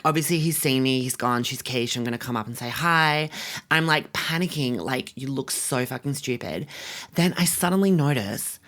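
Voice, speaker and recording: A man's voice: a little high, fairly bright tone, lightly acted. A man playing Ja'mie, bratty Australian girl. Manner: valley-girl drawl, filler likes, crude swearing. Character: spoiled bratty young woman about to turn 21. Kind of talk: comedic vlog monologue.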